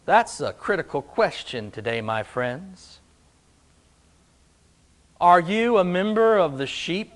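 A man preaching a sermon as pastor, slow and emphatic, building on repeated rhetorical questions. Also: high voice, expressive.

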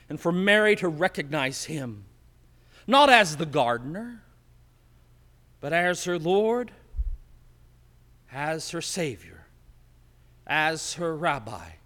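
Slow preaching pastor in an echoing sanctuary. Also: male voice, fairly high pitch. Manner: slow, emphatic preaching with dramatic drops to quiet. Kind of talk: sermon. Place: empty church sanctuary.

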